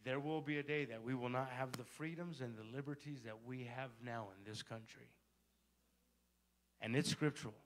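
A man's voice: mid-range voice, steady tone, normal speed, background noise. A male pastor telling a story in a sermon and building to fervent exhortation. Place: church sanctuary.

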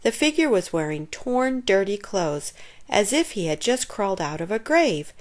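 A woman reading a children's chapter book aloud, narrating expressively and giving the characters lively voices. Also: medium pitch, normal speed. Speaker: storyteller.

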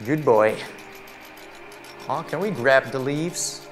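A man's voice: mid-range voice, expressive, slow. A man giving let's-play commentary on a game. He is jumpy and jokey, exclaiming and laughing as he plays. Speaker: VR gameplay commentator.

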